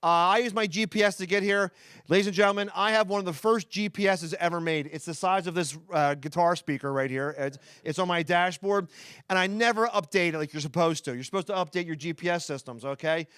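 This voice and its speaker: A man with a Philadelphia accent doing a stand-up comedy set before a live audience, talking fast and rambling with restarts and asides to the crowd. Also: high voice, fairly bright tone, smooth, no room sound, clean studio sound.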